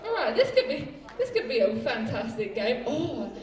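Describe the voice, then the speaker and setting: A woman's voice: on the high side, big pitch swings, normal speed, darkish tone. A woman hosting a live burlesque show, playful and teasing, laughing often, recorded from afar in a large venue with a crowd. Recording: distant mic in an echoey hall with crowd.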